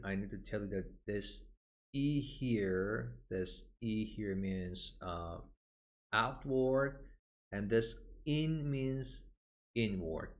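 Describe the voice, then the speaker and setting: A man with a fairly low voice takes an unhurried pace through a vocabulary lesson. He says each key term slowly and often repeats it for pronunciation practice. He pauses with "uh" between points. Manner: slow, deliberate, models pronunciation by repeating words; frequent "uh" fillers, points at the page. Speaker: English for medicine teacher. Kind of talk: textbook walkthrough lesson.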